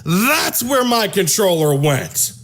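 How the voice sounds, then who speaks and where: A man's voice: high-pitched, big pitch swings, slow pace, fairly bright tone, heavily acted. A man voicing a crude, astonished grown man who swears in disbelief. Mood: incredulous. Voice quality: profane, incredulous outbursts.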